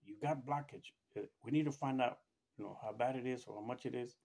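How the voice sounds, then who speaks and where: A middle-aged man casually telling a personal story, rambling with restarts and acting out what others said by raising his pitch. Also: a little fast, creaky, a little mellow. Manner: rambling, acts out quoted voices with raised pitch, many restarts. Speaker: storyteller recounting his own experience.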